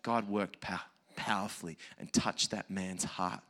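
A male preacher telling a personal story in a sermon, with a bright, forward tone. He swings between hushed, confiding asides and loud, emphatic peaks, keeping the story lively. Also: low voice, unhurried.

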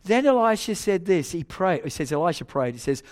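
Brief: older male preacher, high-pitched, lively sermon storyteller. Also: a little fast, hardly any pauses. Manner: animated storytelling, swinging between soft asides and loud exclaims.

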